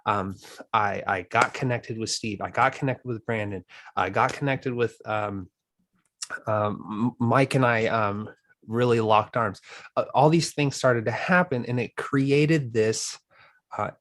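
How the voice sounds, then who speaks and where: A man's voice: medium pitch, fairly bright tone, dry recording, clean studio sound. A man hosting a group video call, talking in an upbeat, rambling way with many fillers. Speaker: host of a group coaching call.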